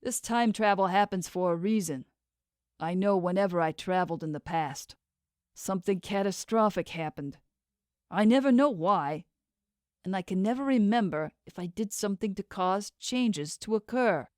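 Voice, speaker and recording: A troubled time-traveling professor, earnest and brooding as he talks, voiced by a woman reading the audiobook. The pitch sits in the middle and the recording is dry and close. He sounds weighed down and serious. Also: animated, normal speed, a little mellow, no room sound, lightly acted.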